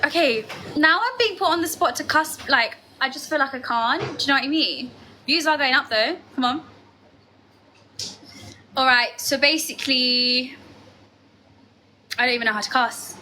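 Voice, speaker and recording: A young woman streams live late at night, bantering with her chat in an excitable, dramatic way. Her voice sits high and sounds bright and sharp. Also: normal speed, pauses often, slight background noise. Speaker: livestreamer.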